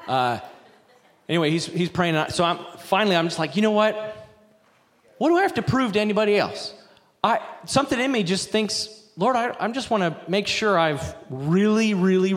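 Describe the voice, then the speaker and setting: Storytelling pastor in a reverberant church. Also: male voice, fairly high pitch. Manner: storytelling, animated, rambling with asides. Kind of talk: sermon. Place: church sanctuary.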